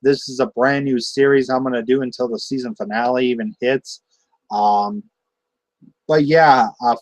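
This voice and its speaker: Rambling excitable young man reviewing. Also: mid-range voice, no room sound, rough recording. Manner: rambling, excitable, many fillers and restarts. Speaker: wrestling show reviewer. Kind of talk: casual solo review.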